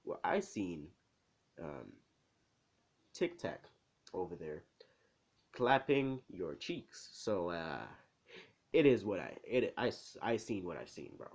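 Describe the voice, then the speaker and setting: A man voices a teenage boy hero returned from the dead, who mocks his old classmates. His low voice stays calm and passive-aggressive, and he slides between a joke and a quiet threat. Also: slow pace, long pauses, heavily acted. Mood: mocking. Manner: mocking, joking, coolly menacing.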